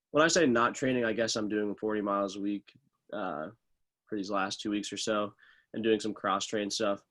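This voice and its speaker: A young man, a professional runner, talking casually in an interview, loose and full of fillers. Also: fairly low pitch. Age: young adult. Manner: relaxed, loose, many fillers like "like" and "uh". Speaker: professional middle distance runner, guest.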